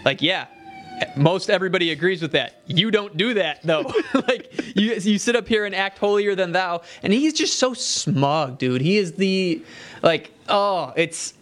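A man co-hosting a political talk podcast, animated and sarcastic, and he laughs at his own jabs. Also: high-pitched, moderate pace. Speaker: podcast co-host.

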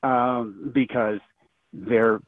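A man's voice: mid-range voice, steady tone, very slow, no room sound. An older retired man calling in to a radio talk show, ranting with sarcasm and stumbling through many restarts. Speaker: caller. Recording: tinny phone line.

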